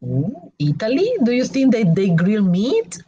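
A woman's voice: mid-range voice, dull audio. A woman teaching an English class online, quizzing students with spoken multiple-choice questions. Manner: slow, clear, lively questions with options.

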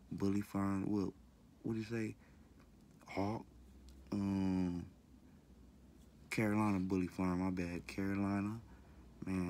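A deep, gravelly-voiced man rambles on in a loose, slangy, repetitive way, cussing now and then. He talks casually to his viewers with a low, rough tone. Faint background noise sits under his voice. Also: darkish tone. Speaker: vlogger. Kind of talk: casual talk to camera.

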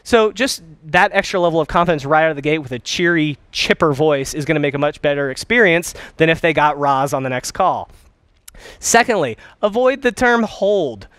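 A young man teaching a course on phone skills, talking in an energetic, conversational way and acting out sample calls. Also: a little high, moderate pace, smooth, dry recording. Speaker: dental practice consultant.

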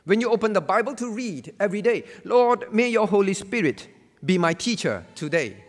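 Emphatic pastor in a reverberant hall. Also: male voice, sits high, big pitch swings, normal speed. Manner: emphatic, repeats key phrases. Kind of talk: Bible lesson sermon.

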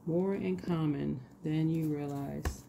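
A woman giving a casual tarot reading, reading affirmations slowly and repeating phrases in a soothing way. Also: deep voice, steady tone, vocal fry, noisy background. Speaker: tarot reader.

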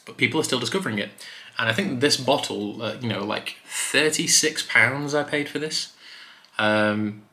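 Chatty male whisky vlogger, bright and roomy. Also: medium pitch, moderate pace. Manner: chatty, relaxed, loose with fillers. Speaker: whisky reviewer and retailer. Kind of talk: casual review vlog. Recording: roomy echo.

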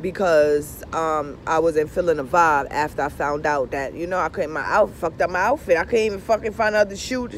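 A woman's voice: low-pitched, fairly quick, hardly any pauses, slight background noise. A woman vlogger in a casual monologue to her viewers, ranting animatedly and swearing often, checking in with "you understand?".

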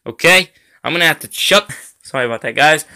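Bright-voiced man rambling over gameplay. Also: fairly high pitch, lively intonation, a little fast. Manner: rambling, lots of ums and uhs; irritated at lag, complaining. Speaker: gaming YouTuber. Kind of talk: gameplay commentary.

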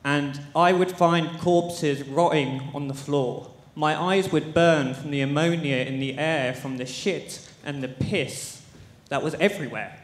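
A man's voice: fairly high pitch, measured pace, few pauses. A man in his thirties asking an impassioned question from the floor of an event, his voice shaky and his phrases tumbling out urgently. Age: 30s. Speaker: audience member asking a question. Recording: echoey hall.

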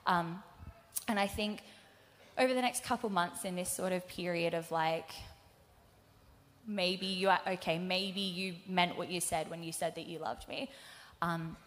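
A young woman giving a candid, halting personal faith testimony to a live audience, full of fillers and acted-out quotes of her own past words. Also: fairly low pitch, steady tone. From Australia. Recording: live event hall reverb.

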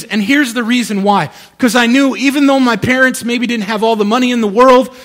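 Animated high-voiced male pastor. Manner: animated, conversational, keeps checking in with the audience. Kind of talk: sermon.

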